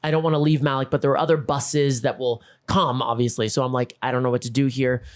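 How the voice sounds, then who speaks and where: A man's voice: mid-range voice, flat delivery, fast. A man hosting a podcast, telling a comic story and acting out both sides of each conversation. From Los Angeles. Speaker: podcast host. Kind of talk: comedic storytelling monologue.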